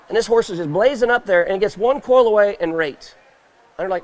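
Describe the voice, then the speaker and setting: High-voiced folksy roping instructor. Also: male voice, quick pace. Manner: folksy, questions the crowd, acts out scenes. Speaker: roping clinician at a trade show stage. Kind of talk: live demonstration talk to a crowd. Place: indoor trade show stage, live audience.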